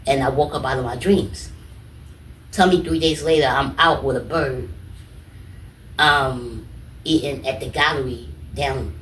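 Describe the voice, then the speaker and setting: An animated man tells his story in a casual interview and acts out the people he quotes. He speaks from some distance, and the room echoes around him. A faint ambience sits underneath. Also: mid-range voice, a little hiss or hum. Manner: animated, repeats "you know what I'm saying", acts out quotes. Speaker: guest, comedian and artist.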